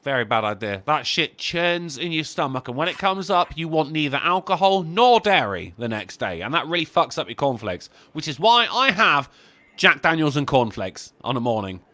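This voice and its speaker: Sardonic man, bright lively voice. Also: fairly high pitch, moderate pace. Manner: profane, sardonic jokes. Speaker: stream co-host. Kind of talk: casual chat.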